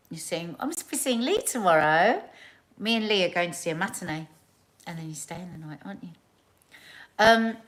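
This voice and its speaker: A woman's voice: lowish voice, fairly bright tone, poor audio. A middle-aged woman hosting a casual live stream, chatty and effusive, greeting viewers by name and calling them darling. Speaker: host of a live online chat show.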